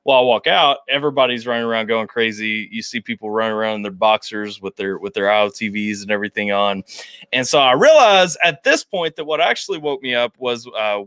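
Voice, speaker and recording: A man with a bright, dry voice tells war stories on a casual podcast. His talk is profane, and his voice leaps up when he quotes others. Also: dry recording. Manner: profane, animated retelling, voice jumps high when quoting. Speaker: podcast co-host, army veteran. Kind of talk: casual storytelling chat.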